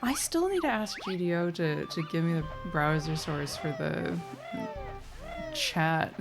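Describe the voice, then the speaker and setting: A low-voiced woman with a gravelly, fry-laden edge calls a race in a loose, rambling way. She laughs often and keeps apologizing as she goes. Game music plays behind her. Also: huge pitch swings, a little slow. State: sleepy, yawning. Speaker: race commentator. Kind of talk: casual live commentary.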